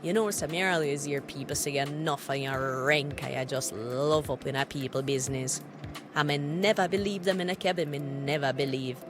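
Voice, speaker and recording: An actor voicing a sharp-tongued young Jamaican woman who snaps heated taunts at her cab driver in an animated cartoon. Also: low voice, moderate pace, over music, natural voice. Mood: accusing. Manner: scolding, heated patois taunts.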